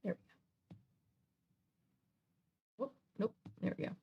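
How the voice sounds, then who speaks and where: Slow-paced and heard through a muffled recording, a woman hosts a stream and reads comics aloud in relaxed conversation. She keeps trailing off and restarting what she's saying.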